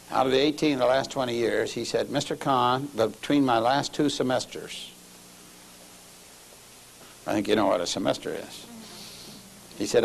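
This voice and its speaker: A middle-aged man preaching a sermon, telling a story and dropping to low murmurs before raising his voice for emphasis. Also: vocal fry, slight background noise, low-quality recording.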